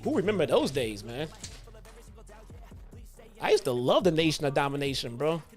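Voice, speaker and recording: A man hosting a retro review show in a relaxed, profane way. He tells stories with growing animation, slipping in slang and restarts. Faint music plays in the background. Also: fairly high pitch, moderate pace. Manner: casual, profane, animated storytelling. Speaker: host. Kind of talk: casual retro wrestling review.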